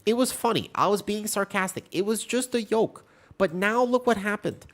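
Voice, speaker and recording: A man streaming a game as a tank player, mixing quick callouts with rambling banter to his viewers. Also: high-pitched, a bit bright. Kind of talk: live gameplay commentary and chat with viewers.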